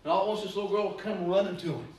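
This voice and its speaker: Storytelling preacher in an echoey hall. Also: male voice, high-pitched, steady tone, very fast. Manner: storytelling, rambling, rising to loud exhortation. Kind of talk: sermon. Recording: echoey room, distant mic, faint noise.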